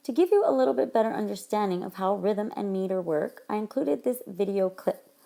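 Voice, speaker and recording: A woman teacher narrating a recorded lesson, explaining things clearly to her students. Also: medium pitch, lively intonation, fairly quick, warm tone. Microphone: tablet microphone.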